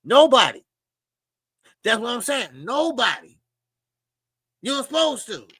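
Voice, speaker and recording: A man's voice: very high voice, sing-song, slow, bright, forceful tone, breathy edge, dry recording. A man hosting a casual boxing livestream, talking animatedly with swearing and greeting chat viewers by name. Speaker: boxing show host.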